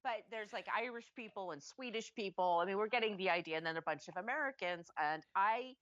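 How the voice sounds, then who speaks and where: A woman's voice: mid-range voice, a little fast, fairly bright tone, dry recording, dull audio. A woman co-hosting a podcast, chatting casually about a movie, rambling with restarts and laughing often. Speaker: podcast co-host.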